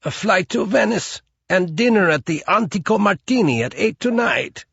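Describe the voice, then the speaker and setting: A man's voice: mid-range voice, very animated, measured pace, slightly rough, dry recording, highs cut off, heavily acted. A man voicing a prim, nervous hotel concierge in an audiobook, formal and pleading.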